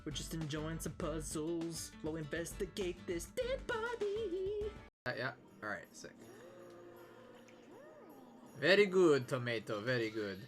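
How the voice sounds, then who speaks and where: A woman streamer chatting casually as she plays, with a low-set voice that jumps around a lot. She giggles often and reacts excitably, with faint music underneath. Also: measured pace, pauses often. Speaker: streamer playing a game. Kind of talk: casual game commentary.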